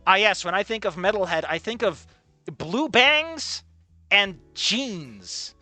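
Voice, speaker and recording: A streamer reacts to a visual novel in a sarcastic, disbelieving way and swears often. The voice is bright and sharp, and the pitch rises and falls a lot. Soft game music plays underneath. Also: big pitch swings, slow, no room sound. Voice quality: sarcastic, incredulous, swears freely. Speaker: let's play streamer.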